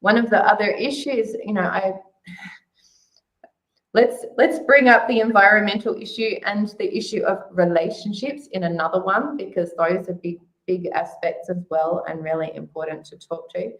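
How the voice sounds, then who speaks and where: A woman co-hosting a live online spiritual discussion over a video call, making earnest, measured points. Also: medium pitch, steady tone, roomy sound, low-quality recording. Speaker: co-host of a spiritual talk.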